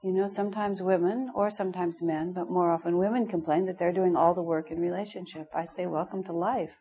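A woman's voice: lowish voice, fairly even intonation, a little fast, mellow, highs cut off. A middle-aged woman teaching a spiritual class, telling candid stories with frequent laughter. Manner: candid, storytelling, laughs often. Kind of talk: informal spiritual class talk.

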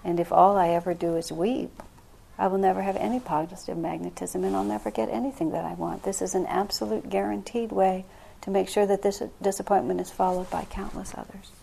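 A woman's voice: medium pitch, fairly even intonation, fairly quick, gravelly, warm tone, slight background noise. A woman spiritual teacher speaking to a group, earnest and frank, breaking into laughs now and then. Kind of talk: spiritual talk with questions.

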